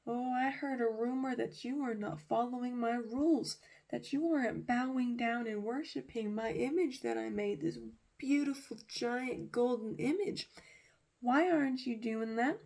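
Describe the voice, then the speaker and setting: A woman's voice: a little high, vocal fry, darkish tone. A woman doing a bossy hot-tempered king. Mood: taunting. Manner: taunting, bossy, quick to rage. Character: boastful hot-tempered male king, menacing.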